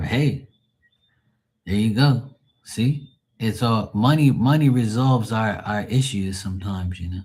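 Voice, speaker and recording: Low-voiced man rambling on a live stream. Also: slow pace, darkish tone. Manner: rambling, profane, joking. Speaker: live tarot reader and streamer. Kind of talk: casual live-stream chat.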